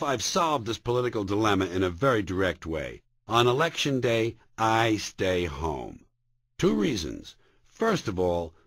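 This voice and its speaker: A male stand-up comedian from the United States with a husky edge to his voice. His delivery is sardonic and profane, and his pitch swoops up and down lively for the punchlines. The sound is dry and close. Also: no echo. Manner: sardonic, profane, sharp comic timing.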